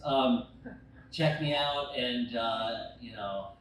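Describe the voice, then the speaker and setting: Rambling young stand-up comic in an echoey bar. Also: male voice, medium pitch, slow pace. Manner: loose, rambling, swearing, acting out scenes with shouted quotes. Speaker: stand-up comedian. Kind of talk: stand-up storytelling. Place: bar stage. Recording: echoey bar room from far off.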